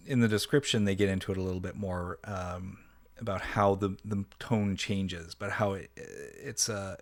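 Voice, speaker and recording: A man reviewing a song in casual commentary, enthusiastic and halting, with many restarts and fillers. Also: fairly low pitch. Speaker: music reviewer.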